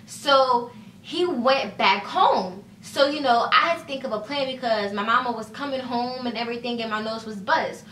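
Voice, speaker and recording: A woman's voice: on the high side, a little slow, bright, forceful tone, far from the mic, a little hiss or hum. A young woman telling a casual storytime vlog, chatty and full of "like" and "you know," acting out the dialogue as she goes. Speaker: vlogger. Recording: echoey room, voice set back from mic.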